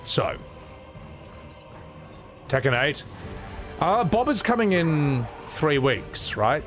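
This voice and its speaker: A man chatting casually on a live stream, excitable and swearing, laughing often and reading viewers' messages aloud. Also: a little high, slow, faint music behind.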